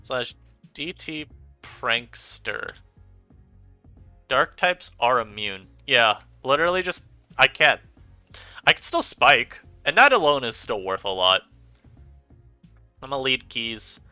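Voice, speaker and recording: A man giving chatty, animated commentary over his own gameplay as a streamer, laughing often. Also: mid-range voice, takes it slowly, long pauses, clear, resonant tone, dry recording, faint music behind. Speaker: online game streamer.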